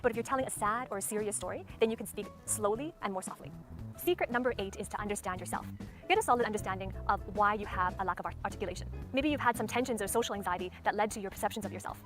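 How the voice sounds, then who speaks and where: Rapid-fire instructional woman over music. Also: medium pitch. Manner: methodical, demonstrates stress and tone aloud. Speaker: speaking coach. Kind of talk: instructional talk. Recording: clear background music under voice.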